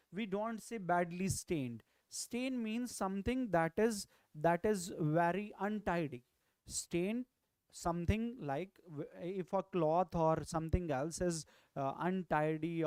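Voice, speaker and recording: A tutor with an Indian English accent works through a grammar lesson at an unhurried pace. Points are repeated and checked with "right?". The recording is dry, with almost no room sound. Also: mid-range voice, darkish tone, no room sound. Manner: repeats key phrases, explains step by step. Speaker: exam prep tutor.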